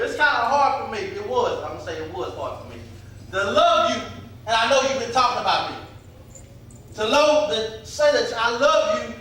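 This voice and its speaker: A man, preaching to young people in a relaxed, conversational way and acting out the voices of the people in his stories. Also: very high voice. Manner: conversational preaching, acts out quotes. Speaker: youth pastor. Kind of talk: preaching to youth. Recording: echoey hall, voice from far off, faint noise.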